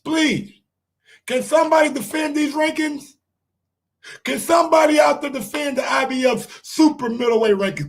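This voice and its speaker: A man with a strikingly high voice and a New York accent hosts a casual sports live stream. He rants in an animated way and keeps throwing rhetorical questions at his audience. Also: gravelly. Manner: animated, ranting, asks the chat rhetorical questions. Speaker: sports show host.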